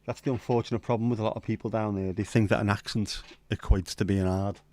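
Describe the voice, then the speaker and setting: A man's voice: lowish voice, steady tone, fast, a little mellow, dry recording. A man from northern England hosting a casual livestream chat, rambling with sweary banter. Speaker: livestream host.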